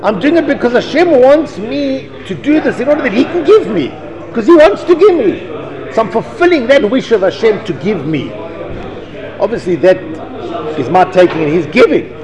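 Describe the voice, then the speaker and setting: A man gives a lively Torah lecture with a high, quick voice that leaps up and down as he acts out the dialogue. He reads lines of Hebrew and translates them for the listening group. The sound rings with long reverb in a hall. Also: a crowd in the background. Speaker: rabbi teaching a class.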